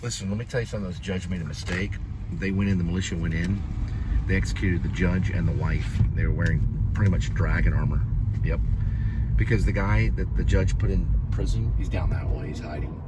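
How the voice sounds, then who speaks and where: A man's voice: deep voice, a little fast. A man rambling and ranting in a monologue while driving at night, sometimes muttering, sometimes raising his voice. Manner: ranting, rambling, shifts between muttering and raised voice. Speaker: vlogger. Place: car at night. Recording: noisy in-car recording. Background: road and engine noise.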